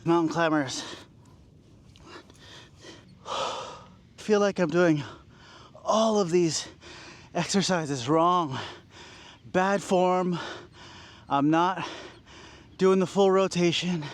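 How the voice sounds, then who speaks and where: A man's voice: sits high, extremely slow, pauses often, poor audio. Breathless man in his forties vlogging a workout. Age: 40s. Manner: self-deprecating, encouraging himself, sighs and laughs between sets. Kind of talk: workout vlog talking to camera. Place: outdoors at a beach.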